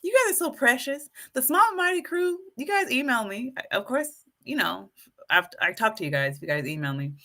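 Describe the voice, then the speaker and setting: A woman's voice: a little high, fairly quick. A woman hosting a casual live stream, addressing her viewers as folks and getting more and more fired up as she preaches. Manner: animated, preachy, hypes herself up. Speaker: YouTube live stream host.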